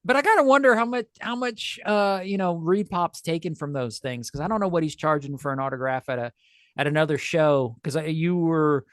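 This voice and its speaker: A man's voice: on the high side, a little fast, a bit bright, no room sound, clean studio sound. A man co-hosting a podcast in casual chat, joking and laughing often. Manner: jokey, laughs often, does goofy voices. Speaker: podcast co-host.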